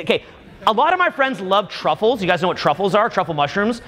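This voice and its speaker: Animated man in his forties, hall echo. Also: sits high, quick pace. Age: 40s. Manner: animated, jokey storyteller who acts out bits and quizzes the crowd. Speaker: seminar speaker. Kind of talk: live talk to a room audience. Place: room with a live audience.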